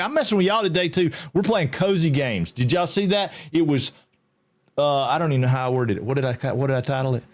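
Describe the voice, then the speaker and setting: A man's voice: a little high, a little fast. A middle-aged man, chatting casually on a livestream, rambling and easygoing and greeting viewers by name. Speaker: game streamer.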